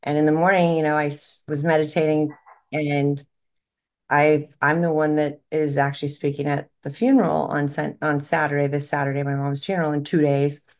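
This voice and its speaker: A woman's voice: sits low, little pitch movement, normal speed, a little mellow. A woman, a medium co-hosting a podcast, talking in a rambling, emotional way and laughing often. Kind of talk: casual podcast conversation.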